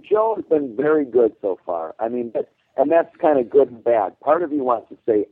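A man chats on a podcast, telling a long story in a halting way, restarting and repeating words as he goes. His voice comes through thin and tinny, like a phone line, and sounds dry, with no room around it. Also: medium pitch, huge pitch swings, breathy edge, no echo. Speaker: podcast co-host. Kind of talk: casual podcast chat.

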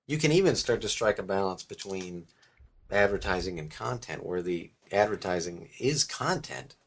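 Podcast cohost guy, lowish voice, wry and dry. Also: animated, moderate pace, creaky. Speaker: podcast co-host. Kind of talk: casual chat.

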